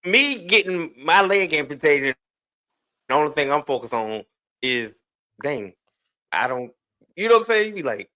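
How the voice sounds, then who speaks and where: A man's voice: a little high, very animated, moderate pace, long pauses, pushed and bright. A man telling stories as a guest on a casual podcast over a remote call, easygoing and full of slang. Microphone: remote streaming call.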